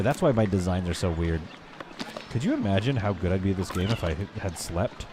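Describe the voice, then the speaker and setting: This is a man with a deep, animated voice, music going in the background, chatting casually on a game live-stream. He jokes and rambles with viewers and makes hesitant, self-correcting attempts at French.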